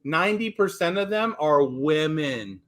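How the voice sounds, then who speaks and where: A man's voice: on the high side, animated, a little slow, a bit bright. A man calling in to a talk show, ranting emphatically with stumbling restarts and blunt profanity. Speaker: caller. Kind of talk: call-in radio chat.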